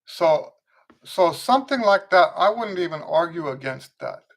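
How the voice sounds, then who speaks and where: A man hosting a live trumpet Q&A, answering viewers' questions in a relaxed, conversational way, often restarting and checking in with "okay?". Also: fairly high pitch, moderate pace, vocal fry. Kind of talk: casual livestream teaching, answering viewer questions.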